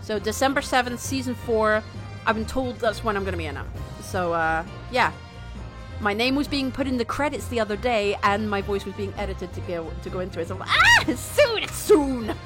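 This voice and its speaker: A Scottish woman streaming a game, chatty and animated, swearing casually as she reads dialogue aloud. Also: mid-range voice, fairly quick. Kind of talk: live game playthrough, reading dialogue aloud. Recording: game music playing underneath.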